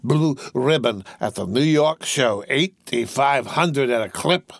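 A man's voice: mid-range voice, lively intonation, unhurried, creaky, dry recording, studio quality. Man putting on a drunk rich young fellow. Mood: jovial. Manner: loud, careless, exclamatory, slurring slang.

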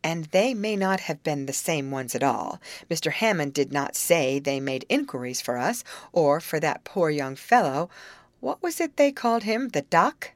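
A woman's voice: deep voice, sing-song, normal speed, no room sound. A woman voicing a curious young woman who muses aloud. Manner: musing, curious.

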